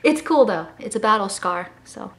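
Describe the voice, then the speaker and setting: A woman's voice: medium pitch, animated, normal speed, gravelly, fairly bright tone, a little hiss or hum. A woman in her early twenties from Miami, with a slight Miami accent, talking to a camera at home in a sassy, joking, casual way. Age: early 20s. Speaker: vlogger. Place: home in California. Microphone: camera mic.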